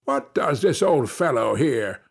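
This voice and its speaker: A man's voice: mid-range voice, big pitch swings, a little slow, creaky, slightly rough, heavily acted. A man voicing a fierce, scornful colonial official who barks orders with contempt.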